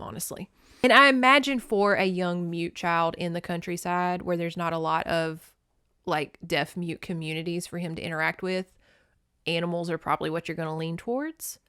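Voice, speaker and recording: A woman's voice: on the low side, animated, moderate pace, sharp tone, smooth, no room sound, clean studio sound. A woman hosting a casual movie-recap podcast, chatty and emotional, swearing freely. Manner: chatty, swears, laughs and tears up. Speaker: podcast host.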